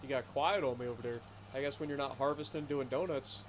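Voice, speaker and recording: A man's voice: mid-range voice, fast, a little hiss or hum, rough recording. Chatty Appalachian man streaming a game. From Appalachian foothills of Ohio. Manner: chatty storyteller, careful enunciation. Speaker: streamer playing a farming game. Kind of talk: casual live-stream chat.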